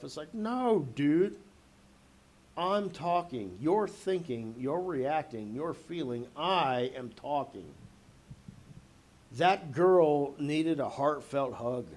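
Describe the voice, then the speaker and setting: A man's voice: fairly high pitch, expressive, slow pace. Rambling, profane man ranting. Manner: rambling, profane, many fillers. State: a little drunk. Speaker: vlogger. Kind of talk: rambling audio rant.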